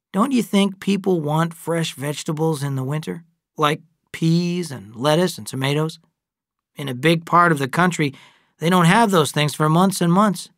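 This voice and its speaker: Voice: medium pitch, no echo, studio quality, pitched above the performer's own voice, natural voice. A reader voicing a grown man who talks eagerly and persuasively.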